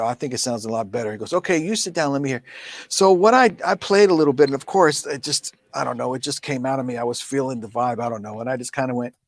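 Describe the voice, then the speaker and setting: A man telling a story at a drum clinic in a casual, animated way, acting out quoted speech. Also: mid-range voice, no echo. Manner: animated, laughs often, acts out quoted speech.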